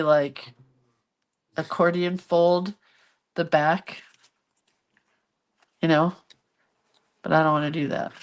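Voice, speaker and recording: A middle-aged woman chatting casually to viewers while she works on a craft project, chatty and self-deprecating. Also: on the low side. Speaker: craft vlogger.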